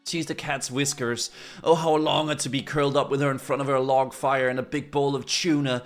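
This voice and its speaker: A man's voice: mid-range voice, little pitch movement, a little fast, soft background music, lightly acted. A man voicing a big lovesick talking tomcat, reading game dialogue dreamily.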